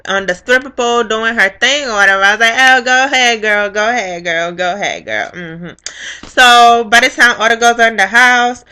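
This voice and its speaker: Bright, blunt young woman vlogger. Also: medium pitch. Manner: blunt, profane, animated storytelling. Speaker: reality show reviewer. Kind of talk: casual recap vlog.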